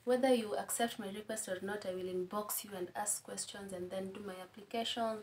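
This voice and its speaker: A woman's voice: medium pitch, fairly even intonation, a little fast, darkish tone, slight background noise. A young woman with a Kenyan accent, chatting as a guest and giving friendly advice, laughing at her own stories. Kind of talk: casual advice-giving conversation.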